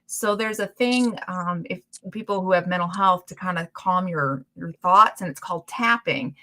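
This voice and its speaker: Woman, bright clear voice, chatty storyteller, casual livestream host. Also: lowish voice, normal speed. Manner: chatty storytelling, animated retellings. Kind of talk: casual chat.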